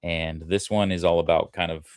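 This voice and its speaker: A man's voice: low-pitched, level tone, normal speed, clear, resonant tone, dry recording, studio quality. A man co-hosting a fan podcast, talking casually and laughing easily as he shares plans. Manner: laughs easily, breaks into goofy impressions. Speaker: podcast co-host. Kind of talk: casual chat.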